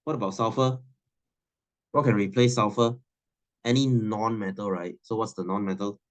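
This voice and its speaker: A man's voice: on the low side, steady tone, normal speed. A man, teaching a science class in a chatty, teasing way and laughing often. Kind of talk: classroom lesson.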